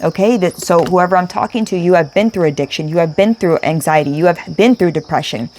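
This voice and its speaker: A woman's voice: on the low side, brisk, darkish tone, slight background noise. A woman giving an emotional spiritual tarot reading, speaking emphatically, repeating herself and swearing casually. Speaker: tarot reader.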